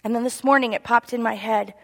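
A woman giving an earnest, confessional sermon, moving between loud emphasis and soft whispered asides. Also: a little high, steady tone, a little fast, creaky. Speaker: church speaker. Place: church sanctuary. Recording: long echo of a large hall.

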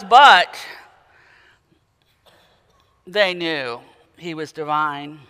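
A man preaching a sermon, dramatic, moving from quiet intensity to loud emphatic peaks. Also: high-pitched, clear, resonant tone. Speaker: pastor. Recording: long hall reverb.

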